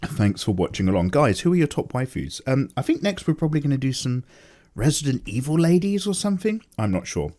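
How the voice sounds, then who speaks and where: A man's voice: medium pitch, big pitch swings, fairly quick, mellow. A tired man rambling casually and jokily as the host of an unedited chat. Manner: loose, chatty, jokey, many fillers. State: tired, low energy. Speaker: artist and channel host.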